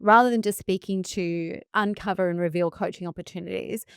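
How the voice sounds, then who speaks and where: Middle-aged woman host, smooth clear tone, dry close sound, chatty storyteller. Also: on the low side, fairly even intonation, brisk, no echo. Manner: storytelling, acts out quoted voices. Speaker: podcast host. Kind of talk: conversational interview.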